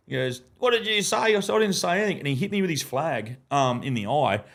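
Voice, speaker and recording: A man's voice: medium pitch, very animated, quick pace. Australian man telling a sweary yarn. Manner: swears freely and acts out other people's lines in his anecdotes. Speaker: podcast guest, former ground announcer. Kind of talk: casual storytelling chat. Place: podcast studio.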